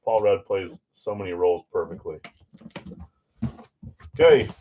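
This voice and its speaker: In a low, steady voice that runs a little slow, a live card break host chats with viewers and jokes at his own expense. Slight background noise sits under the slightly dull, lo-fi stream audio.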